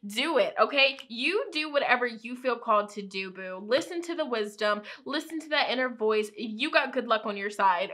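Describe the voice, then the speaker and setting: Bright-voiced woman giving an upbeat tarot reading. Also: a little high. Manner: encouraging, chatty, frequent "okay?" and "you know". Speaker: tarot reader.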